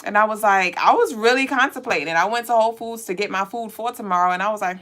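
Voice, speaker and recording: A woman hosting a casual livestream, talking straight to her viewers and reading out their comments. She is chatty and animated, laughs often and swears freely. Her voice sits at an ordinary middle pitch for a woman. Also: fast talker, few pauses, soft background music. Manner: swears casually, with high squealing bursts. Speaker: livestream host.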